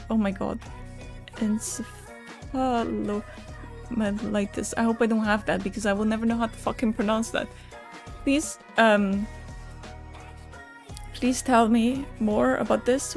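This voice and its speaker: A woman's voice: a little high, gravelly. Woman streamer, casual live chat, candid, emotional, swears, faint music behind. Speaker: Twitch streamer.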